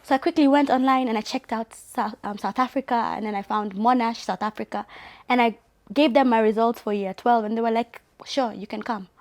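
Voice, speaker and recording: A young woman hosts a relaxed talk and tells her story with lively energy. Her voice sits a touch high. She sounds animated and chatty. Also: fairly quick. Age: young adult. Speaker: host. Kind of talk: casual conversation.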